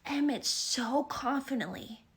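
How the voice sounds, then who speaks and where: A young woman telling a dating story for an animated storytime, dramatic and swearing, with frequent "okay?" asides. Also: high-pitched, measured pace, breathy edge.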